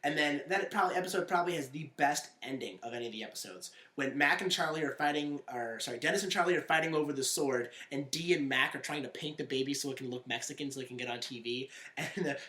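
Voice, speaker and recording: An excitable podcast co-host chatting casually, with a sharp, bright voice that often breaks into quoted lines. The recording sits in a noticeably echoey room. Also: mid-range voice, fast, hardly any pauses. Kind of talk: casual chat.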